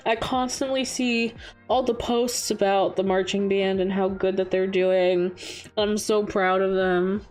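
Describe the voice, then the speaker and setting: A young woman streamer telling a personal story in casual chat, rambling with lots of fillers and jumping higher when she quotes people. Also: steady tone, a little slow, a bit bright, faint music behind. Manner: acts out quoted voices in a higher pitch. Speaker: VTuber streamer.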